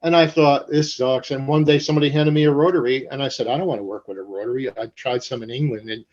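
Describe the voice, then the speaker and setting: A man's voice: medium pitch, fairly even intonation, quick pace, highs cut off. A man in his sixties, a guest tattoo artist, telling profane stories casually in an interview and acting out the voices in them.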